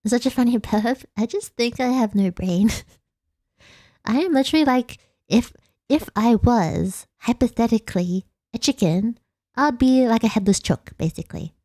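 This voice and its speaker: Australian woman streamer, mellow tone, giggly and rambling, dry close sound. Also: a little high, lively intonation, measured pace, dry recording. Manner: giggly, rambling, self-deprecating. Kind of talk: casual late-night chat stream.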